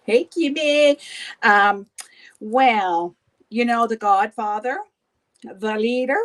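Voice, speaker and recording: Lady doing a makeup stream, chatty and gossipy, laughing often, talks slow. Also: a little high, fairly bright tone. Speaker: beauty livestream host. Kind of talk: casual chat while doing makeup.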